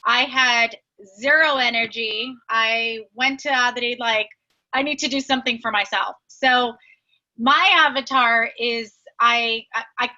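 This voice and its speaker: A high, bright-voiced woman shares earnestly with her class, pausing and restarting as she goes. Her voice sounds muffled through lo-fi video call audio. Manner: halting, earnest, restarts often. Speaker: student sharing in class. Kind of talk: casual sharing on a group call.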